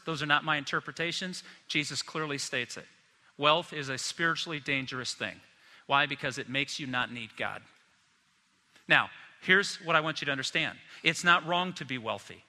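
A male pastor delivers a sermon in a high, cutting voice with a very bright, forceful edge. He is animated and slips into the voices of the people he quotes. His words ring out with the long reverb of a big church hall.

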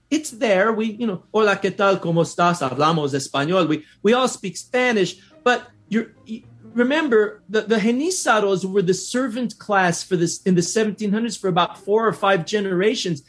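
A man from northern New Mexico, speaking as a historian guest on a podcast, emphatic and animated, often restarting his sentences. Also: sits high, normal speed. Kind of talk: casual podcast conversation.

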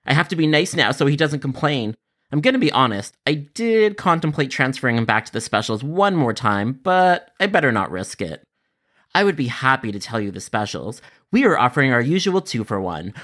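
A man narrating comic stories in a mid-pitched voice. He turns flustered easily and jumps higher in pitch when panicked. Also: a bit bright. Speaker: storyteller. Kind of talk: comedic story narration.

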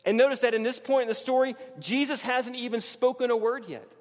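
Earnest high-voiced preacher in a reverberant hall. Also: male voice, steady tone, a little fast. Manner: earnest, emphatic, repeats phrases. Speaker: pastor. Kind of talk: sermon. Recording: long reverb of a large hall.

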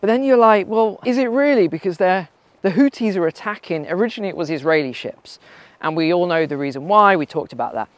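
Male vlogger, somewhat high pitch, relaxed talk on a hike, filler-heavy and questioning. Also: fast, no room sound. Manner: conversational, rhetorical questions, frequent fillers. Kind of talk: casual commentary while walking outdoors. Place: outdoors on a mountain trail.

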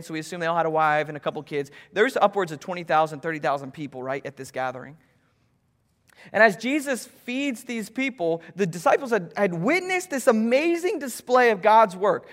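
Man, pastor, sermon, high voice, animated asides, reverberant church hall. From Florida, US. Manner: animated, jokey asides to congregation. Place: church stage, large hall.

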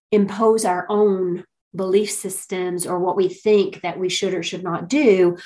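A middle-aged woman giving a reflective motivational talk on self-worth, earnest and gentle, often saying "you know". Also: mid-range voice, poor audio.

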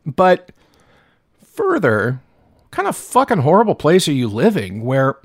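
On his solo podcast, this host from the US Pacific Northwest rants with profanity and agitation, frequently tripping over words and restarting. His fairly high voice swoops wildly in pitch, yet his pace is unhurried. The recording is clean studio audio without any room sound.

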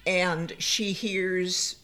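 A woman's voice: fairly low pitch, faint music behind. An older woman co-hosting a podcast, telling family stories in a casual chat. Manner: slow, animated storyteller. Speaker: podcast co-host.

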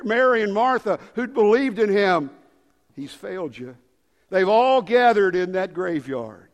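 High-voiced preacher man in his fifties. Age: 50s. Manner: dramatic, swings from loud calls to hushed low lines. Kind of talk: sermon. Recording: long hall reverb.

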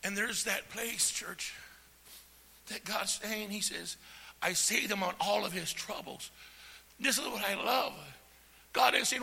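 Raspy high-voiced preacher in a reverberant church. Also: male voice, a little slow, pauses often. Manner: preaching with call-and-response, swings from soft to shouting. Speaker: pastor. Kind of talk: sermon. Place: church sanctuary. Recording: long hall reverb.

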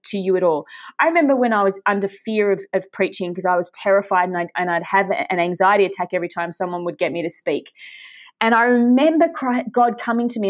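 A woman's voice: medium pitch, darkish tone. A woman preaching a sermon, speaking with passion and emphasis and addressing her listeners directly.

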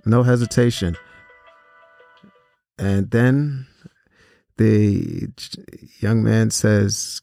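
A man with a low, gravelly voice and a dark, mellow tone tells a personal story to young listeners. He talks earnestly and at a measured pace, often pausing on small fillers. The sound is dry and close, with no room around it. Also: no room sound. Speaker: host and speaker on violence prevention. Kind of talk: personal storytelling talk to students.

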